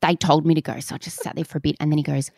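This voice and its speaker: A woman's voice: low-pitched, little pitch movement, rapid-fire, creaky, a little mellow, no echo. A woman in her forties co-hosting a podcast, telling stories in a dry, wry way. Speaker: podcast co-host. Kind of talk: casual chat.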